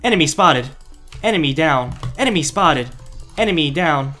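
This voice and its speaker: A man voicing a deadpan male cat AI bot, announcing things in a flat, monotone way. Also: on the high side, moderate pace, soft background music.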